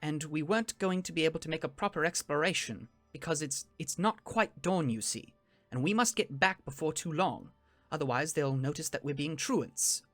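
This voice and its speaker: A man's voice: a little high, animated, moderate pace, fairly bright tone, no room sound, faint music behind. A man voicing a sheepish young male elf student in a tabletop game, fussy and rambling.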